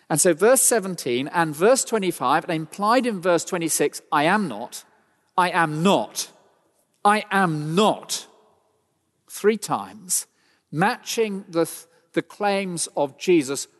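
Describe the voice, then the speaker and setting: A man preaching a sermon, emphatic and rhetorical, with dramatic pauses. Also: fairly high pitch. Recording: long hall reverb.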